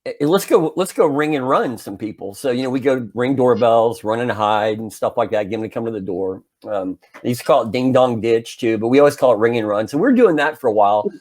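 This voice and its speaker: Talking briskly with few pauses in a mid-range voice, this forties-aged podcast co-host spins a casual story. He animates each part, even acting out his own shouting.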